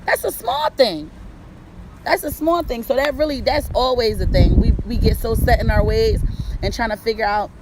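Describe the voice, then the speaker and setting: A woman talks loud and blunt, swearing freely as she gives relationship advice in a streetwise, conversational way. Her voice sits a little high. Faint city traffic hums behind her outdoors. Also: a little fast. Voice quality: loud-talking. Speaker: host. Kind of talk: casual relationship advice talk.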